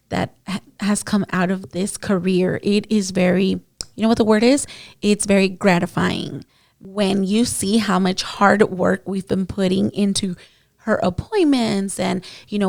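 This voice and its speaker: A woman esthetician hosts her podcast, speaking into a podcast mic in a medium-pitched, gravelly, slightly mellow voice with clean, echo-free studio sound. She tells client stories in a chatty, casual monologue full of fillers, calling her listeners "guys."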